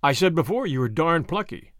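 A man's voice: on the high side, big pitch swings, fairly quick, fairly bright tone, no echo, studio quality. A man voicing a brash, generous young American with an American accent and breezy, confident slang.

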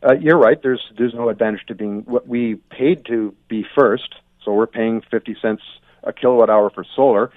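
A man's voice: mid-range voice, normal speed, no room sound. A man from Ontario giving blunt, opinionated commentary over the phone, often restarting his sentences. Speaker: guest commentator. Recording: tinny dry phone line.

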